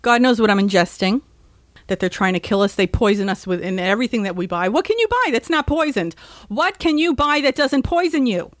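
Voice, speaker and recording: A woman's voice: fairly high pitch, lively intonation, a little fast, no echo, clean studio sound. Agitated, sarcastic woman podcast host. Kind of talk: ranting monologue, call-in chat.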